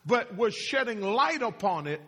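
A man's voice: high voice, sing-song, a little slow, a bit bright, breathy edge. A man preaching a sermon, asking the congregation to answer and repeating his phrases for emphasis. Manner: call-and-response, questions to the congregation. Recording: long hall reverb.

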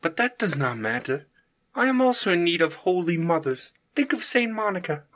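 Man doing a high solemn Holy Mother. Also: sing-song, normal speed, a bit bright. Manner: raised pitch, solemn reading.

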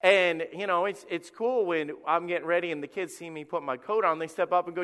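Middle-aged male pastor, high voice, chatty animated sermon delivery, church reverb. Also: fairly quick, clean tone. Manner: conversational, animated storytelling with acted quotes. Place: church sanctuary. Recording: long reverb of a church hall.

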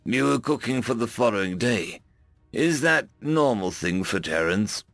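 A man voicing a calm, caring furry alien woman who is an ambassador, speaking slowly and soothingly. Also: fairly low pitch, no echo, soft background music. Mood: gentle.

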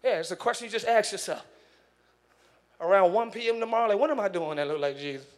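A man pastor preaching a sermon in church, animated, acting out voices and shouting for emphasis. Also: high-pitched, fast. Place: church sanctuary.

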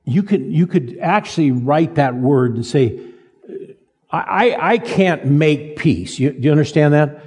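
An older man preaches in a folksy, halting way, restarting his phrases and joking at his own expense. His voice is mellow and a little husky, pitched somewhat high for a man. It rings out with a long reverb, as in a church sanctuary. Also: expressive. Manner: folksy, halting restarts, self-deprecating humor. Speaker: pastor. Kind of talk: sermon. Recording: reverberant hall.

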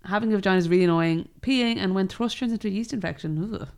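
Fast-talking frank woman. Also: mid-range voice, a little mellow. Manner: frank, chatty, lots of fillers. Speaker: podcast co-host. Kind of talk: casual chat.

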